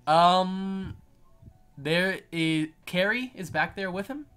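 Male game master, rambling narration, lots of fillers, bright slightly high voice, voice call. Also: takes it slowly, smooth, soft background music. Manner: rambling, filler-heavy, laughing often. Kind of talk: narrating an online tabletop game.

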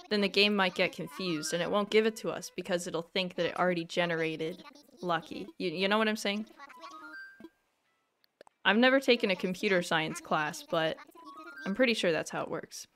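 A woman with a medium-pitched, fairly bright voice is live-streaming a video game. She chats casually with her viewers and keeps reacting with self-deprecating exclamations.

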